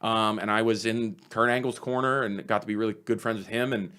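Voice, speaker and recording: A comedian, telling stories in a casual podcast chat, animated and swearing freely. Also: male voice, lowish voice, brisk, smooth. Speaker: comedian guest.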